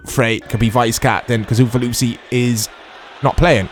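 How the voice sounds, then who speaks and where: A man commentating casually over a football video game, chatty and quick to shout at big moments. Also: mid-range voice, faint music behind. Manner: excitable, shouts at big chances, chatty asides. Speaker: gaming commentator. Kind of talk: casual let's-play commentary.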